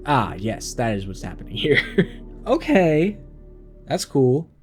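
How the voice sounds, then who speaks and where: A man's voice: medium pitch, sing-song, slow pace, soft background music. A man playing a text game on stream, reading the story aloud and adding wry, chuckling commentary.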